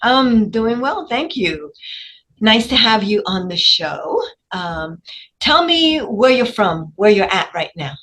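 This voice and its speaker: A woman's voice: mid-range voice, animated, slow, fairly bright tone, low-quality recording. A woman hosting a podcast, reading a formal guest introduction and then asking questions in a chatty way. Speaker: podcast host. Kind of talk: interview hosting.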